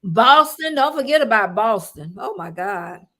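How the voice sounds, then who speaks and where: A woman in her sixties with a Southern US drawl hosts a relaxed live-stream chat. She sounds chatty and laughs easily, with a fairly high-pitched voice. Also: a little slow. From Southern United States. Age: 60s. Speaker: show host.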